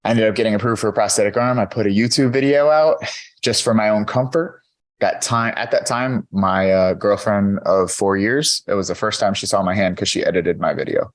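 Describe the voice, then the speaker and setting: With a lowish voice and a fairly quick delivery, a man in his thirties shares his own story as a guest on a podcast interview. He's a keynote speaker who comes across as candid and sincere, leaning heavily on fillers like "you know."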